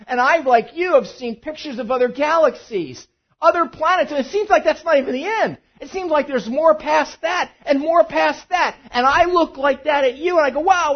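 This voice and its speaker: A male pastor preaching a sermon, swinging between loud emphatic bursts and quiet asides. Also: very high voice, lo-fi sound. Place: church.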